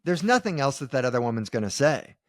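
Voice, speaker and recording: A man co-hosting a podcast, reacting with quick questions in a casual chat. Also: medium pitch, big pitch swings, dry recording, clean studio sound. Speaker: podcast co-host, comedian.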